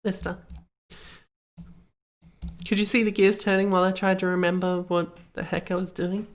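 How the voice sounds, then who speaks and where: A woman's voice: on the low side, level tone, normal speed. A young woman streaming a game, rambling and cracking self-amused jokes as she plays. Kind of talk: casual commentary while playing.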